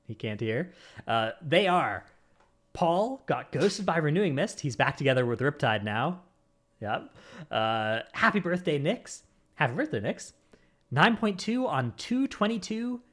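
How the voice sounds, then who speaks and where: A man hosting a casual gaming podcast, reading lists of supporter names with running jokes. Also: fairly high pitch. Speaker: podcast host.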